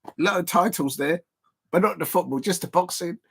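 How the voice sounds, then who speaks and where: A man hosting a live football watch-along stream, rambling and excitable, full of fillers and repeats. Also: high voice, a little fast, creaky, husky.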